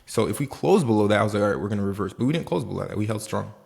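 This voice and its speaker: A man with a Haitian accent casually recapping his options trades in a rambling, animated way, quoting himself and swearing now and then. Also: on the low side, very fast, gravelly. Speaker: options day trader vlogger. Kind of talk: casual trading recap vlog.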